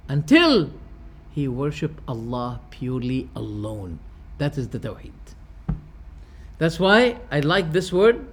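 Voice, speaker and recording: Slight background noise sits under a very animated male voice of medium pitch, moving at a slow pace. He's a religious teacher lecturing a class, explaining each term by restating it simply and asking his audience rhetorical questions.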